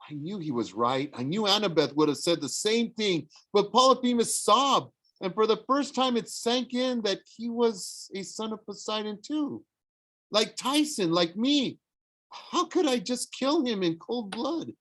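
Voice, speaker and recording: A man reading a novel aloud in the first person, expressive, with small slips and restarts. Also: high-pitched, unhurried. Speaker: audiobook narrator.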